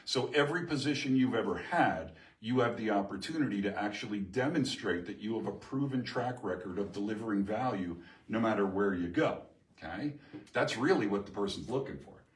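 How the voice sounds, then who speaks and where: Lively man presenting in an echoey room. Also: on the low side, fairly quick, recorded from a distance. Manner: lively, emphatic, asks the audience questions. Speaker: seminar presenter. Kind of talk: live workshop talk to an audience. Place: chamber of commerce meeting room.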